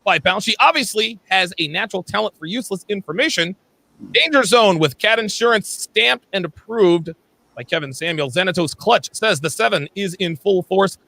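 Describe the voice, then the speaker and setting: A man's voice: high-pitched, expressive, normal speed, gravelly, bright, forceful tone. A man hosting a livestream panel, blunt and emphatic, calling on panelists by name. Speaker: livestream host.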